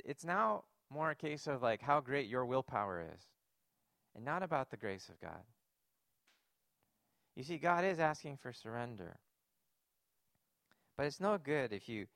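A man's voice: mid-range voice, a bit bright, no room sound, clean studio sound. A man preaching a sermon, earnest and emphatic, posing rhetorical questions to his congregation. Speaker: pastor.

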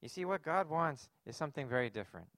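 A man's voice: fairly high pitch, animated, fast, fairly bright tone, dry recording. A man preaching a sermon, earnest and emphatic, posing rhetorical questions to his congregation. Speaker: pastor.

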